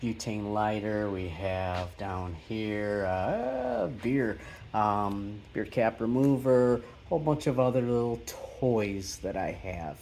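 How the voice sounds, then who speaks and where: A man with a lowish voice gives a slow, casual tour of his backyard golf simulator shed, pausing often and starting sentences over. A faint background hum sits under his voice. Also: lively intonation, darkish tone. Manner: halting, many fillers and restarts. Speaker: golf vlogger.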